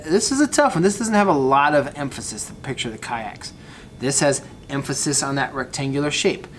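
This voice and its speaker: A man's voice: mid-range voice, slight background noise. A man teaching a photography class, talking casually through example photos and addressing his students directly. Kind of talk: recorded class lecture.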